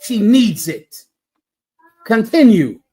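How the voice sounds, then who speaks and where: A man's voice: high-pitched, sing-song, takes it slowly, dark tone, slightly rough. A man preaching to a room in a blunt, crude and scolding way, firing pointed questions at his listeners. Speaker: preacher lecturing a class. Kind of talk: preaching commentary.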